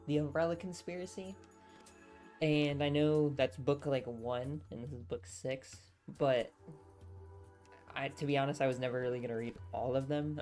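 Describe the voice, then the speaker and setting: Low-voiced chatty woman streamer. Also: a little mellow. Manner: chatty, rambling, easygoing. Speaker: streamer reading a novel aloud. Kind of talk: casual live stream chat and book reading.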